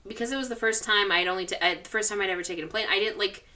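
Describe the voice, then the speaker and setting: A woman's voice: medium pitch, racing, sharp tone. A young woman co-hosting a podcast, telling a story in casual chat with many restarts and fillers. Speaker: podcast co-host.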